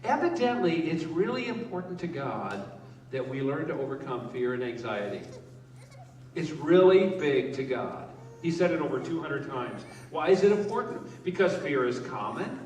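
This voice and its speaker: A man's voice: on the high side, sing-song, normal speed. A male pastor giving a conversational sermon, asking the congregation questions and joking with them. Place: church hall with a live congregation. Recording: echoey hall, voice from a distance.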